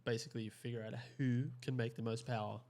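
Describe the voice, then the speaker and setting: A man's voice: mid-range voice, level tone, fast, vocal fry, mellow. A man co-hosting a podcast, talking about cars in a rambling way with lots of fillers. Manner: rambling, full of "like" and restarts. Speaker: podcast co-host. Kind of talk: casual chat.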